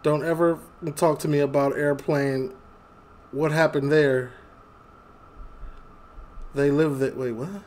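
A man's voice: on the high side, fairly even intonation, slow pace, long pauses, darkish tone. A young man from Chicago hosting a casual reaction video, chatting, laughing often and reading memes aloud. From Chicago, USA.

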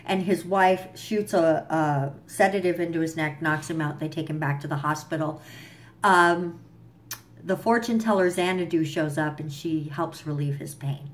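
A woman's voice: low voice, moderate pace. A young woman vlogging a casual, profane recap of a TV episode, with fillers and asides. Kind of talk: casual chat.

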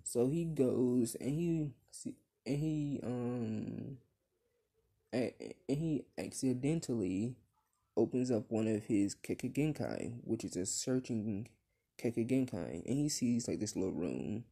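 A man's voice: medium pitch, animated, slow pace, vocal fry, mellow. A man casually retelling his own fan story, rambling with many fillers and restarts, and swearing when he slips.

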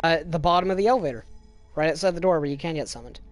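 A man in casual gaming chat with a monotone voice, explaining game rules with many restarts. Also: on the high side, rapid-fire, soft background music. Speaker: gamer.

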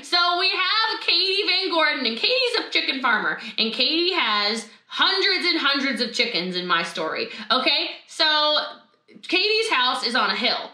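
Woman, motivational talk, high bright voice, animated and emphatic, video call, roomy echo. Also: moderate pace. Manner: animated, emphatic, storytelling with asides. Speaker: motivational speaker.

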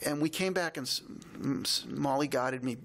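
A man co-hosting a podcast, telling a heartfelt personal story in a reflective, halting way. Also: medium pitch, gravelly, a bit bright. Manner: reflective, halting, emotional retelling.

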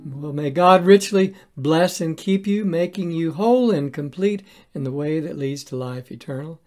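An earnest pastor delivers a devotional sermon at a steady, measured pace. The voice sits at an ordinary middle pitch, and the pastor leans on rhetorical questions to draw the listener in. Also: soft background music.

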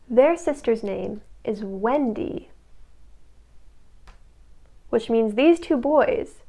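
A young woman recapping a TV show in a casual, chatty way, sliding into sarcastic asides to the viewer. Her voice sits fairly high and has a noticeable creak, and she sometimes drops to a soft half-whisper. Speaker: recap video host.

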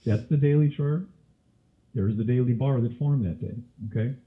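A man's voice: mid-range voice, moderate pace. Man teaching trading over tinny audio. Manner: quizzes listeners with frequent questions. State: coughing, throat irritation. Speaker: trading instructor. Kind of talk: live webinar teaching.

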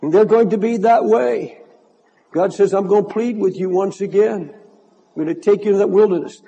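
An older male pastor in full sermon, his voice husky and mellow yet pitched high. He preaches with passion, doubling back on words as he drives each point home. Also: moderate pace, dull audio. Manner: impassioned preaching, repeats words.

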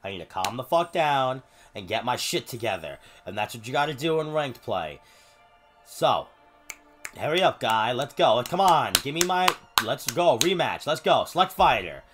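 A man streaming a fighting game, cursing at his opponent and calling out his button inputs in quick bursts. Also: mid-range voice, big pitch swings, faint music behind. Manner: profane, yelling at the opponent. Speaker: gamer streamer. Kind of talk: live gameplay commentary.

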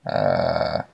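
Tired young man reading his story haltingly. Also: extremely low pitch, vocal fry, a little mellow, breathy edge, no room sound, dull audio. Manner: halting, with restarts and lost places. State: tired from lack of sleep.

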